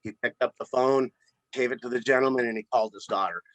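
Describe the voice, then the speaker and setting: A man who runs a flower shop, telling a story in a relaxed interview with plenty of repeated words. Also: mid-range voice, quick pace, dry recording. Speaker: florist and shop owner. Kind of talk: casual storytelling in a podcast interview.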